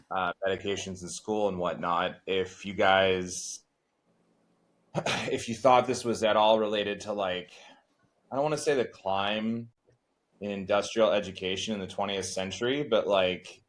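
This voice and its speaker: A man who teaches, talking in a casual group discussion, rambling with many filler words. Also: fairly low pitch.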